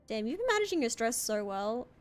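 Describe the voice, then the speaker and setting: A woman streamer reading a story game's text aloud and chatting along in a lively way. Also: on the high side, a little fast, faint music behind.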